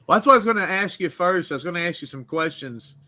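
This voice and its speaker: Tennessee-accented host, bright tone, loose joking rambler. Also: male voice, high-pitched, expressive, fast. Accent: East Tennessee. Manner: joking, rambling, self-deprecating. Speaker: podcast host. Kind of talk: casual comedic interview.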